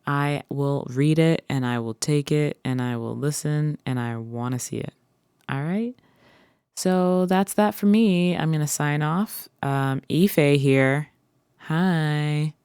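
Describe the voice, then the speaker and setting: A woman's voice: sits low, a little mellow, smooth, dry recording, clean studio sound. A woman hosting her own vlog, chatting playfully and rambling as she talks to her viewers. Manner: playful, rambling, drawn-out words. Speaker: host. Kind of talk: casual solo vlog chat. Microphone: listening through headphones.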